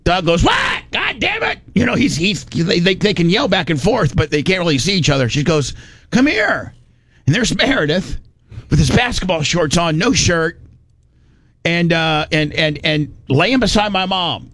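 A man's voice: fairly high pitch, lively intonation, normal speed, a bit bright, dry recording. Folksy Indiana man telling a story. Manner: folksy, rambling, acts out voices in quotes. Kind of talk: casual storytelling chat.

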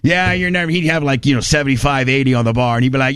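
A man's voice: medium pitch, very fast, few pauses, a bit bright, smooth, no echo. Folksy rambling storyteller man. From Indiana. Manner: rambling, folksy, restarts often. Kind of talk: casual storytelling.

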